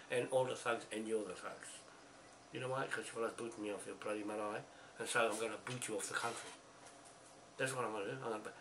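A man's voice: medium pitch, fairly bright tone, slight background noise, low-quality recording. A man with a New Zealand accent delivering a furious, swearing rant as a video message, repeating himself as he goes. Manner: furious, swearing, repetitive ranting. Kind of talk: angry ranting video message.

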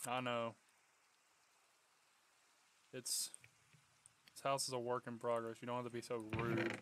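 A young man giving casual gameplay commentary, coaxing and pleading with his in-game pet, then bursting into excited yells. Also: medium pitch, measured pace, heavy background noise. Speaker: gaming YouTuber.

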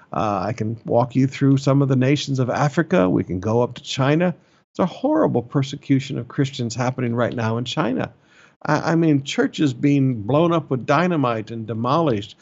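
A male pastor preaching a sermon, emphatic, with repeated phrases and sudden rises in pitch. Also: a little mellow, dull audio.

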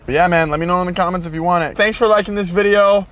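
A man's voice: high-pitched, steady tone, very fast. A young man vlogging in a casual, hyped way, swearing casually as he chats. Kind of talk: casual vlog chat.

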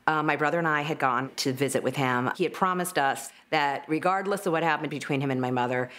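A woman reflecting in a measured way on her family in a documentary interview. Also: low-pitched, a bit bright. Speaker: interviewee, daughter of the subject.

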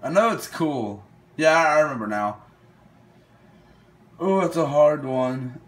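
A man's voice: a little high, animated, unhurried. A young man talks unhurriedly through a would-you-rather game, thinking aloud as he goes. He hesitates, trails off and restarts when a choice is hard, keeping a casual, unscripted tone. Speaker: gaming video host. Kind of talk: casual commentary while playing a quiz game.

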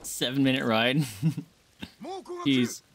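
A man streaming a game, chatting casually and shouting and swearing at enemies, with game music behind. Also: medium pitch, very slow, a little hiss or hum. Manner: excitable, yelling and swearing at enemies. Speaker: gaming streamer. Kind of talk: casual let's-play commentary.

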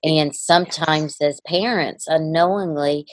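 A woman host with a very low voice chats casually and affirmingly, often answering her guest with soft murmurs. Her sound is dry and close, with no room around it. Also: a little slow, no echo. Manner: warm, affirming, many soft backchannels. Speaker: podcast host. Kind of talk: casual chat.

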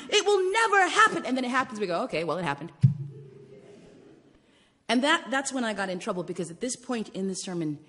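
A woman in her forties telling personal stories in a sermon, swinging between hushed whispers and loud exclamations. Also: on the low side, big-room sound. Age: 40s. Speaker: guest preacher and storyteller. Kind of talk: storytelling sermon. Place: church sanctuary.

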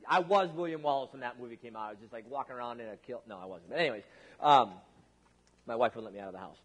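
Husky-voiced pastor in a reverberant hall. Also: male voice, medium pitch, quick pace. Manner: joking, conversational, with repeated restarts. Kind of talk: casual sermon.

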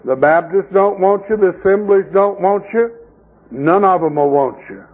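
The recording has phone-quality sound: a high-voiced man preaching at normal speed at a camp meeting. He shares folksy stories and ridicules their characters by mimicking them in quoted scenes.

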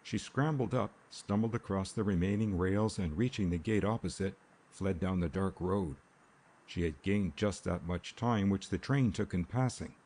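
Deep, gravelly male audiobook narrator. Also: mellow. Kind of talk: scripted narration. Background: rain sounds.

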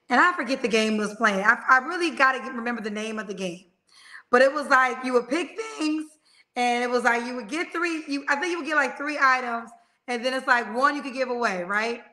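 Bright, high-voiced woman hosting a livestream. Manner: loud, blunt and animated storytelling. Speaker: livestream host. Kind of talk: casual live-stream chat.

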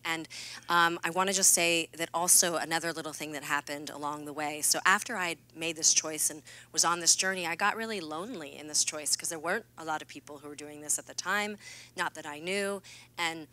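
A woman's voice: low voice, a little fast, sharp tone. A woman giving a keynote talk, telling personal stories in an earnest, confiding way with playful asides. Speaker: keynote speaker. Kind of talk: candid personal storytelling talk. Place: stage at a fireside keynote event.

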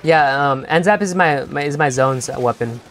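Excitable stammering young male streamer. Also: on the high side, moderate pace, soft background music. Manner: excitable, stammering, repeats himself. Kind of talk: live gameplay commentary.

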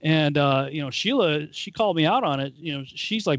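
A man's voice: on the high side, expressive, brisk, few pauses, fairly bright tone, no room sound, dull audio. A man on a panel call, casually telling a personal faith story and acting out quoted voices as he goes. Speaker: panel guest. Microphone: call audio.

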